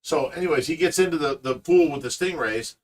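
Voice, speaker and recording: A middle-aged man hosting a casual live chat, telling stories with lots of laughter and excitement. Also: fairly high pitch, fairly quick, distant mic. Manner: animated storyteller, laughs often. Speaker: fish rescue owner and host.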